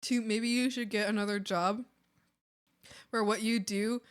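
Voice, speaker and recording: A woman's voice: fairly high pitch, fairly even intonation, a little slow, clear, resonant tone. A woman art streamer chatting casually with her viewers, telling stories with frequent laughter and acting out the people in them. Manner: laughs often, acts out the other side in her stories. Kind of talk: casual chat while drawing on stream.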